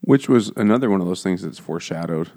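Deep voiced dude chiming in on a book, swears a bunch. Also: male voice, lively intonation, fast talker, dark tone. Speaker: podcast co-host. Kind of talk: casual book discussion.

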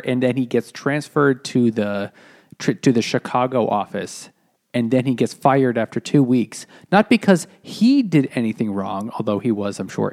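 A man's voice: mid-range voice, a little mellow. A man co-hosting a casual book chat over beers, retelling a plot in a rambling, profane way. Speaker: podcast co-host.

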